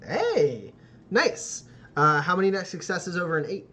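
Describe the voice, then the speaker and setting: A man's voice: high voice, wildly swooping pitch, a little slow, background noise. Chatty man running a tabletop game. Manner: rambling, full of "like" and "uh" fillers, laughs often. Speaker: game master. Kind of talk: narrating a tabletop game, casual.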